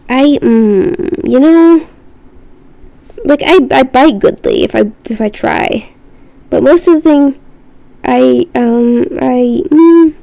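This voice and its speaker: Rambling, playful woman streamer with vocal fry. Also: a little high. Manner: rambling, playful, self-deprecating. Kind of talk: casual chat with viewers. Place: her own room.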